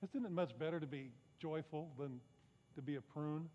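High-voiced pastor preaching in an echoing hall. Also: male voice, moderate pace, dark tone, a little hiss or hum. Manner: conversational preaching with rhetorical questions and self-deprecating asides. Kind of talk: sermon. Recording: muffled sound with long reverb in a large hall.

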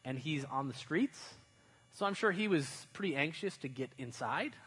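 A man's voice: a little high, animated, moderate pace, a bit bright, breathy edge, poor audio. A man preaching in a casual, conversational way, with slang and loose fillers, while retelling a Bible story. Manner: chatty, uses slang and fillers, dramatizes stories. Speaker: pastor.

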